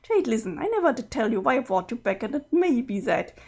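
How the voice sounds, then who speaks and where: A woman's voice: fairly high pitch, very animated, fairly quick, a little mellow, breathy edge, voice pushed down, full character voice. A woman reading a webcomic aloud, voicing a guilty young woman who apologizes and then pleads with her weeping other self. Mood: coaxing.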